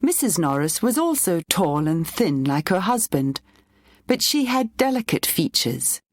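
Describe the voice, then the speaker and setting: Woman reading a kids' story aloud, lowish voice, dry close sound. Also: sing-song, unhurried, no room sound. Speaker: narrator. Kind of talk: storybook audiobook narration.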